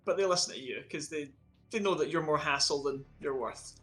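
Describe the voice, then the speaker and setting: A man narrating a tabletop game as game master, relaxed and quick to laugh. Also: on the high side, faint music behind.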